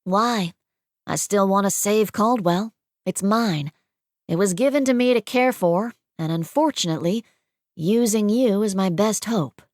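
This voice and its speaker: A woman's voice: medium pitch, unhurried, a little mellow, no room sound, studio quality, pitched above the performer's own voice, lightly acted. A woman reading the part of a proud, stubborn young businesswoman who speaks in a firm, defiant way. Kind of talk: audiobook character voice.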